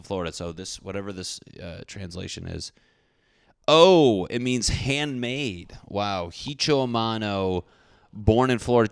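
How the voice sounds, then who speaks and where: A man's voice: fairly low pitch, expressive, measured pace, creaky, clean tone, no echo, studio quality. A young man hosting a casual podcast, rambling through jokes and rants in a self-deprecating way. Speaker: podcast host. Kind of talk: casual comedic podcast rant.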